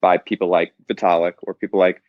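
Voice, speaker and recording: A man's voice: deep voice, flat delivery, fast talker, no echo. A man talking as an interview guest in casual chat, blunt and profane, laughing often. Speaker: podcast guest. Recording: dry, dull lo-fi sound.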